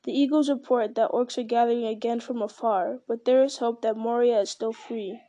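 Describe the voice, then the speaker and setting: A woman reading the part of a grave, commanding old male wizard in a firm, measured way. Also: on the high side, fairly even intonation, mellow, lo-fi sound, natural voice.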